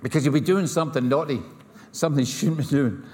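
Scottish preacher in a reverberant hall. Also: male voice, a little high, quick pace, a little mellow, a little hiss or hum. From Scotland. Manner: storytelling, humorous asides, acts out dialogue. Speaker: pastor. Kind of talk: sermon.

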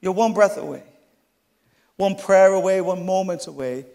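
A middle-aged man with a high, creaky, warm voice preaches a storytelling sermon at normal speed, tossing chatty, humorous asides to the congregation. The recording carries a long hall reverb.

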